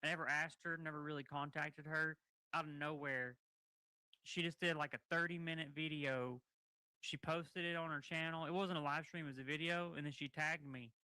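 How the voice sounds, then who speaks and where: A man's voice: fairly high pitch, fairly even intonation, moderate pace, sharp tone, smooth, no echo. A man co-hosting a livestream, chatty and rambling as he talks to the chat. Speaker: livestream co-host.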